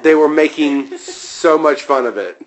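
A man's voice: a little high, unhurried, slight background noise. A man co-hosting a podcast in casual, crude chat, swearing constantly and sounding sarcastic. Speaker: podcast co-host.

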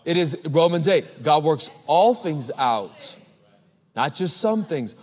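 A man in his thirties preaching a sermon as pastor, animated, telling stories and calling out to the congregation. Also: a little high, takes it slowly. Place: large church. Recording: live church hall with long reverb.

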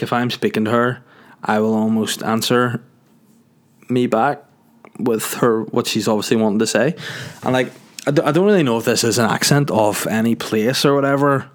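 A man with a Northern Irish accent who hosts a podcast and talks in a rambling, jokey way, full of filler words. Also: medium pitch. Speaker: podcast host. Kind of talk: casual podcast monologue.

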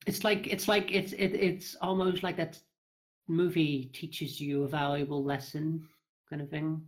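A woman's voice: low voice, fairly even intonation, unhurried. A woman being interviewed on a casual podcast call, hesitant and nervous, often repeating her words. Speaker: interview guest.

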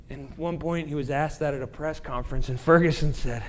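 A man preaching a sermon, swinging between hushed, whispered lines and loud, emphatic passages. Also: fairly high pitch, fairly even intonation, fairly quick, hardly any pauses, slight background noise. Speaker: pastor.

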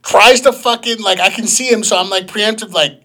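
A man telling a story in a casual, profane, animated way, as a podcast co-host. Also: high voice, normal speed, a little hiss or hum.

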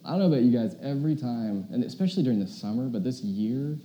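Dark-voiced young male pastor. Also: medium pitch, quick pace, slight background noise. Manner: chatty, animated storytelling with many fillers. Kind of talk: casual sermon.

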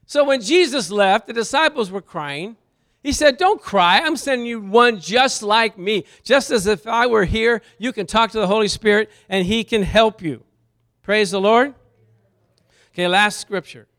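A middle-aged man preaching a sermon, animated and jokey, asking the congregation questions and bursting into loud praise. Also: high voice, normal speed. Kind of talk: sermon teaching with slides.

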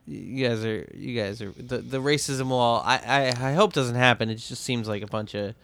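A man's voice: medium pitch, normal speed, gravelly, a bit bright, no echo. A man co-hosting a comedy podcast as the skeptical straight man, pushing back in an exasperated tone. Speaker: podcast co-host.

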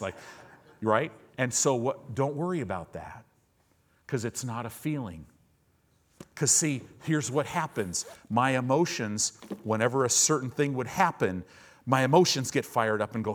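Male pastor, earnest sermon delivery, quiet to fervent. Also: mid-range voice, animated, normal speed. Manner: earnest, building from quiet intimacy to loud fervor.

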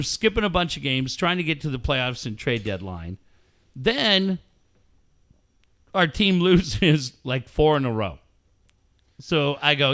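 A middle-aged man spins a casual, profane story with lots of laughter. His pitch swings widely and his tone is bright and forceful. He sits a little high for a man. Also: clean tone.

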